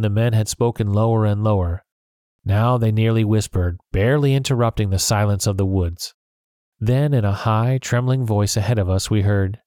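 A man narrating an adventure story audiobook in a measured, expressive way. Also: on the low side, no room sound, clean studio sound.

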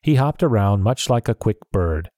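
A man narrating a story in a measured, steady reading. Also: on the low side, dry recording, studio quality.

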